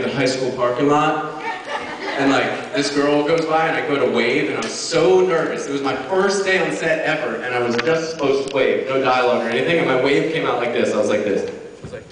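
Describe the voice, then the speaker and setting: A man from Miami answering fan questions on a convention panel, joking, playful and laughing often. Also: mid-range voice. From Miami, USA. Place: large echoey convention hall. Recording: echoey hall from far off, crowd noise. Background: loud audience crowd.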